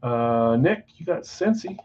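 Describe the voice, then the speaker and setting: A man's voice: mid-range voice, very animated, unhurried, darkish tone, highs cut off, a little hiss or hum. A married man hosting a live card break, chatting casually and rattling off buyers' names and teams. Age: adult, married. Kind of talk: casual live-stream chat. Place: basement card room.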